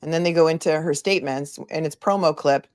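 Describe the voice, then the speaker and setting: A woman's voice: deep voice, fast, darkish tone. A woman attorney hosting legal commentary, chatting and reading court filings aloud with asides. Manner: conversational, reads documents aloud with asides. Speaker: attorney and channel host.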